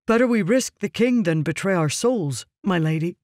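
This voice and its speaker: A man's voice: sits high, lively intonation, normal speed, darkish tone, no echo, voice pushed up. A guy doing a stiff honorable guard, kinda raised and earnest, dry mic. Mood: stern. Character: stern honor-bound male guard captain.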